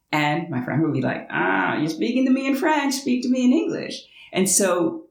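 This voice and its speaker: This rough, echoey recording captures an American language-learning vlogger talking casually at her home in France. Her low, darkish voice has vocal fry as she explains things in a chatty way, tossing in playful asides.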